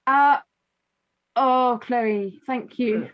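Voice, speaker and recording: A woman hosting a podcast, telling a story in a halting way with many restarts. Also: on the high side, muffled recording. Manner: halting, many restarts, moved close to tears. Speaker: podcast host. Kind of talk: emotional storytelling in conversation.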